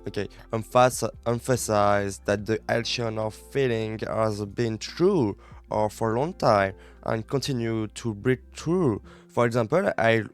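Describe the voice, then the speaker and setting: A French man with a French accent, a native French speaker, reading English lessons aloud on a study live stream and halting to repeat words while practising pronunciation. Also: on the low side, soft background music.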